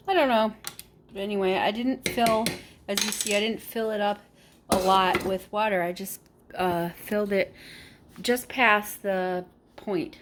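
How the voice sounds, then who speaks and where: A woman's voice: medium pitch, fairly even intonation, a little slow, noisy background. A woman vlogging casually from her kitchen at home, chatty and rambling, correcting herself as she goes. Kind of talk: casual vlog chat.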